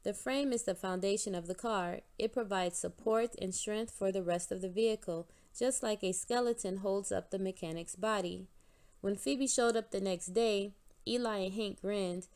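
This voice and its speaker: A woman reading a children's picture book aloud with a steady, clear delivery. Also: medium pitch, moderate pace. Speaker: storybook reader.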